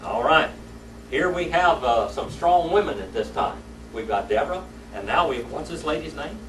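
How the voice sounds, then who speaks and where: Teaching Sunday School at church, this man spins folksy tales and asks the class questions. He sounds a little high, expressive and a bit bright at a moderate pace, recorded from afar in an echoey room with slight background noise.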